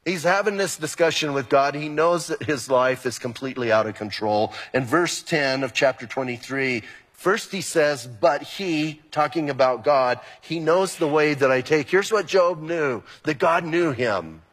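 Male pastor, husky slightly high voice, lively sermon delivery, long hall reverb. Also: a little slow. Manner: animated, acts out quoted exchanges.

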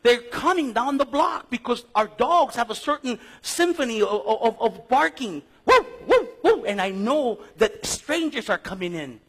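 A middle-aged man teaching a Bible class in a lively sermon style, telling stories and acting out conversations. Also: very high-pitched, normal speed, few pauses, breathy edge. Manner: animated storytelling, acts out conversations, frequent restarts.

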